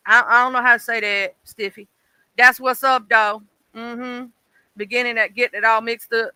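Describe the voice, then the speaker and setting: A woman's voice: a little high, moderate pace, pushed and bright, clear, resonant tone, no echo, low-quality recording. A woman from Mississippi with a Southern accent, chatting casually and folksily on her livestream, swearing freely and laughing often. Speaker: livestream host. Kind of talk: casual chat.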